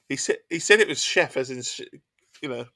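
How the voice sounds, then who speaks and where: An English streamer with an Essex accent chats casually with viewers while he plays, in a mid-range, pushed and bright voice with lively intonation at normal speed. He's chatty and self-mocking, laughing often and poking fun at himself as he reads chat aloud.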